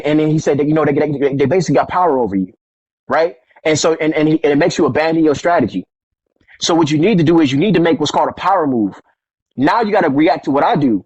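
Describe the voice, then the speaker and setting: Man guest, animated storyteller, slightly high voice, dry dull studio sound. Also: husky, no room sound. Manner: animated, acts out quoted voices, street slang. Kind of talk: casual storytelling conversation.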